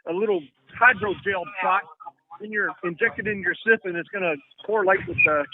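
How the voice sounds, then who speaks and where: A man's voice: high voice, fairly quick, a crowd in the background. A man in casual conversation, talking in a rambling, profane way and repeating himself. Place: lives in Texas. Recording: tinny phone-like line, faint hiss.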